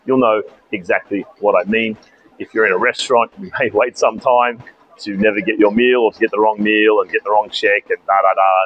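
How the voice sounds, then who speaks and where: A man's voice: on the low side, muffled recording, a little hiss or hum. A young Australian man casually telling a story to camera in a chatty vlog, outdoors at a bus station. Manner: chatty, animated retelling with asides. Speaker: vlogger.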